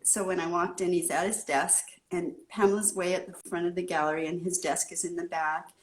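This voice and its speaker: A woman from California, a guest artist in a casual interview, telling her story in an animated way and acting out the scene. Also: fairly low pitch, a little fast.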